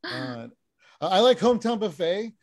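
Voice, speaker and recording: A man performing a stand-up set over a video call, deadpan one-liners with frequent "uh" fillers. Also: high voice, unhurried. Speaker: stand-up comic.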